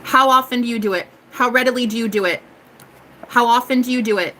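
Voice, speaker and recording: A woman reads tarot in a loose live-stream chat, her fairly high voice swinging widely up and down. She talks with a bright, sharp edge, swears freely and keeps laughing between thoughts. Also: normal speed, a little hiss or hum, poor audio. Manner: animated, swears freely, laughs often, breaks into song. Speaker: tarot reader.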